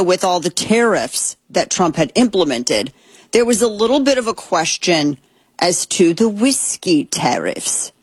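A woman with a breathy, husky voice talks through the news as a political commentary host. She rambles, restarts her sentences and states her opinions openly. The recording is dry and close. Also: on the low side, no room sound.

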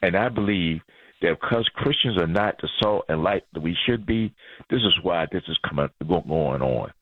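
A man's voice: low-pitched, expressive, normal speed, no echo. A man calling in to a radio show, earnest and preachy, stumbling over restarts. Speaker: radio caller. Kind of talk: call-in comment. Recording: tinny phone line.

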